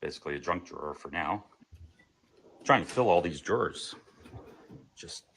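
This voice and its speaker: A man's voice: sits low, animated, moderate pace, creaky, a bit bright, slightly rough. A man speaking casually and matter-of-factly as he shows his home kitchen. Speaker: homeowner showing a kitchen. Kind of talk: casual show-and-tell.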